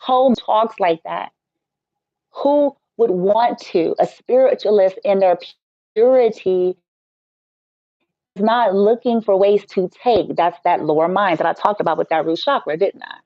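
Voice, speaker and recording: A woman's voice: mid-range voice, unhurried, no room sound. Blunt, profane woman ranting on a stream. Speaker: Reiki healer and spiritual teacher. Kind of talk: casual live-stream rant. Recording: dull, dry lo-fi sound.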